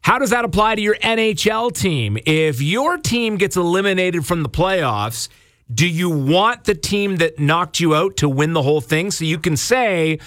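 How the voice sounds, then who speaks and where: High-voiced chatty male rock radio host. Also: normal speed, no echo. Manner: energetic, chatty, asks listeners questions. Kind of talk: drive-time rock radio talk. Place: radio studio.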